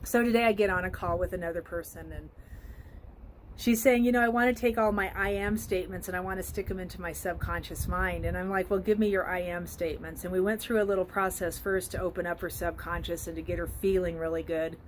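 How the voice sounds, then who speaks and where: A woman's voice: lowish voice, steady tone, fast, a little hiss or hum. A woman life coach talking earnestly outdoors in a casual motivational vlog, with frequent ums, filmed on a phone. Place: outdoors by a flowering tree.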